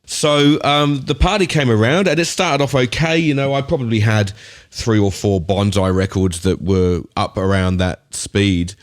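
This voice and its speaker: Lowish middle-aged Australian man storytelling. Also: normal speed. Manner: rambling, animated storyteller. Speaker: guest DJ and producer. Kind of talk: podcast storytelling.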